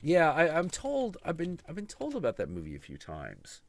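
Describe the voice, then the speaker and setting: A man's voice: on the high side, wildly swooping pitch, normal speed. A man hosting a casual live stream, rambling sarcastically and swearing constantly while mocking film characters. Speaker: podcast host. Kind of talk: profane casual stream chat.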